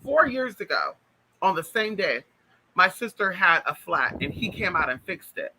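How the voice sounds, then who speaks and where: A man telling spiritual stories in an animated, chatty way, talking straight to his listeners. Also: high voice, normal speed, a little hiss or hum, rough recording. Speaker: spiritual vlogger. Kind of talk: casual spiritual storytelling.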